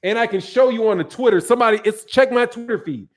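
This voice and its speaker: A man's voice: very high voice, fast talker. A man hosting a boxing channel live stream, giving emphatic commentary, reading viewer chats and repeating his points for stress.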